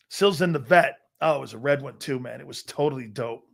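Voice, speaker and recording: A man's voice: mid-range voice, brisk, creaky. A middle-aged man hosting a sports talk show, telling boastful, profane stories in a casual chat and laughing often.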